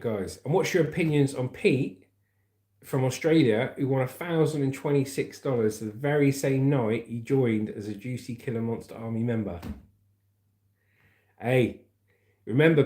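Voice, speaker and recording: A man chats casually on a livestream, rambling along as he reads viewer comments aloud. His voice sits mellow and dark, at a middling pitch. The sound carries the echo of a roomy space. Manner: chatty, rambling, calls viewers mate and brother. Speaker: livestream host reading chat. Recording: roomy echoey room.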